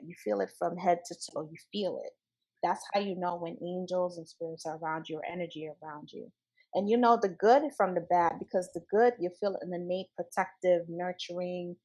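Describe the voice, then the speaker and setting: A woman's voice: on the low side, fairly even intonation, moderate pace, a little mellow, rough recording. A woman guest speaking earnestly in a spiritual interview, stressing her points by repeating key phrases. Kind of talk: casual spiritual conversation.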